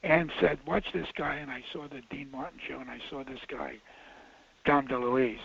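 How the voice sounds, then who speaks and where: A man's voice: mid-range voice, fairly even intonation, moderate pace, gravelly, a crowd in the background. An older man, a film director, telling rambling, self-interrupting anecdotes in a casual interview. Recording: muffled dull interview audio.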